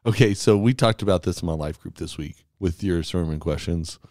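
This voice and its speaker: Easygoing low-voiced guy on a church podcast, asks questions, dry close mic. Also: a little fast, darkish tone, dry recording. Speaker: podcast co-host. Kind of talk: casual podcast discussion.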